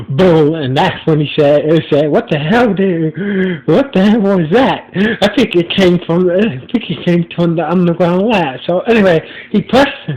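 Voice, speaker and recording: A man's voice: a little high, darkish tone, poor audio. A man hosting a podcast, narrating an improvised story in a rambling, stumbling way with many restarts.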